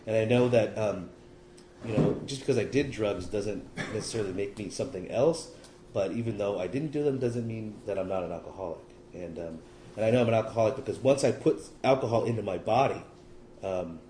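Middle-aged man, lowish voice, rambling self-deprecating testimony with wry humor, echoey room with faint hiss. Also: fairly quick, dark tone. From California. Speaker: recovery meeting speaker. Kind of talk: personal testimony talk.

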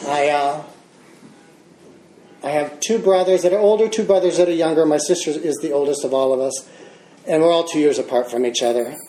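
A man's voice: fairly high pitch, a little fast, dark tone. A man in his fifties with an American accent gives a personal testimony at a recovery meeting. He tells his story with chuckles and self-deprecating humor. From Michigan, United States. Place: large meeting room. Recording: echoey room with background noise.

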